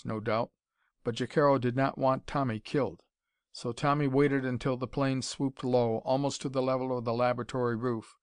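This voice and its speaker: A man with a mid-range voice reads aloud from an adventure novel in a steady, even manner. The audiobook narration is dry and cleanly recorded in a studio.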